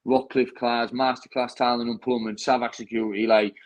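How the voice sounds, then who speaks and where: This post-fight chat comes from a young British bare-knuckle fighter who speaks a little fast with a flat delivery and medium pitch. His sentences keep restarting, each one containing "mate." The recording quality is low.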